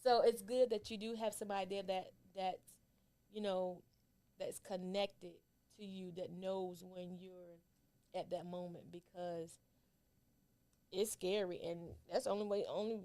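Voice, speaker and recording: A woman's voice: medium pitch, steady tone, a little slow, dark tone. A woman hosting a podcast interview, talking loosely with many fillers. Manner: rambling, full of "you know" fillers. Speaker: podcast host. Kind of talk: casual interview chat.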